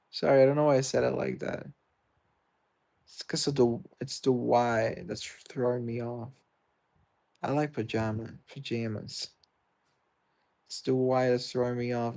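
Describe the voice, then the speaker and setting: British male streamer, gravelly, mid-pitched, rambling through viewer comments while he plays. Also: mellow. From Britain. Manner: rambling, reads and answers viewer comments aloud. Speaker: livestreamer. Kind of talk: casual livestream chat while gaming.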